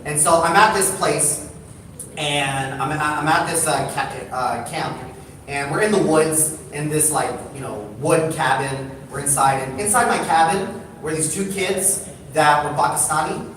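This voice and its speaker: A man speaking to a live audience from across an echoey hall, his voice picked up from far off over steady background noise. He tells stories with animated energy and draws the crowd into questions. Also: on the high side, unhurried. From United States. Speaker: storyteller. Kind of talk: live storytelling talk to an audience.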